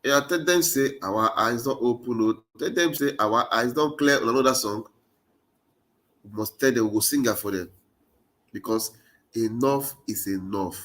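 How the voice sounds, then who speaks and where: Nigerian pidgin guy ranting about politics, mid-pitch voice, keeps hammering the same lines. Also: moderate pace, fairly bright tone. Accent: Nigerian Pidgin English. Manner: urgent, exhorting with repeated rallying phrases. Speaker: political commentator. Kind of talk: impassioned political monologue.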